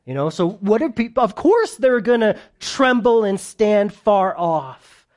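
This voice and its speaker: Animated high-voiced male preacher. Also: unhurried. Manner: animated, joking with the congregation, swings between loud and soft. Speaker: pastor. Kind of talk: sermon, verse-by-verse Bible teaching.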